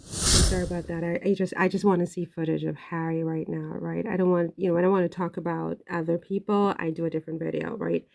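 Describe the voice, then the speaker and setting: A woman's voice: lowish voice, flat delivery, fast, creaky, a little mellow, a little hiss or hum. A woman giving casual, emotional vlog commentary on royal news, chatty and prone to swearing.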